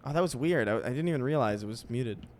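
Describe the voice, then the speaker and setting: A man's voice: mid-range voice, animated, quick pace, a little mellow. A man chatting casually with friends, rambling and laughing as he spins wild hypotheticals.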